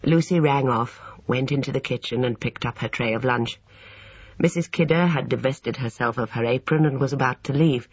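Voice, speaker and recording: A narrator reading a mystery novel as an audiobook in measured storytelling, with varied character voices and a husky tone. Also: mid-range voice, dry recording, lo-fi sound.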